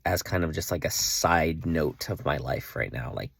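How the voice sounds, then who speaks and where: A man's voice: very deep voice, moderate pace, vocal fry, a bit bright, husky, dry recording. A young man earnestly telling a personal faith story in a casual vlog, with lots of "like" and restarts. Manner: earnest, emotional, full of "like" and restarts. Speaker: vlogger.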